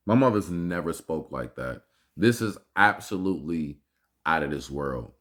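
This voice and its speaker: A man's voice: extremely low pitch, expressive, normal speed, a bit bright. A man hosting a reaction video, giving casual, slangy commentary and swearing freely.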